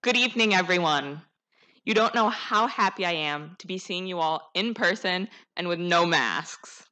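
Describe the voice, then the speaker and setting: Speaking into a podium microphone, a teen salutatorian gives a graduation speech that's earnest, heartfelt and stirring. Her somewhat low voice has a bright, forceful tone, and her pace is moderate.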